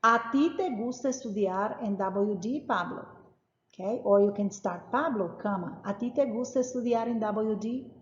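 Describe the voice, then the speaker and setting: A woman's voice: mid-range voice, normal speed. A woman teaching a language lesson, explaining grammar patiently and emphatically and repeating each example. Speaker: Spanish teacher. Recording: roomy, echoey, dull lo-fi sound.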